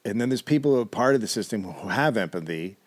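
A man with a fairly low voice recounts a story for a comedy podcast in an easy conversational tone. He drops in wry, blunt asides and the occasional swear as he goes. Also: expressive, fast talker. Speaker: podcast co-host telling the story. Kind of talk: casual storytelling chat.

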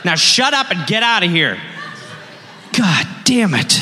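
A man riffs and protests on a live comedy stage in an exasperated manner. His voice sits high and swings widely, with loud room ambience behind him. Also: very animated, unhurried, long reverb tail, a little hiss or hum. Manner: exasperated, riffing. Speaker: comedy podcast co-host.

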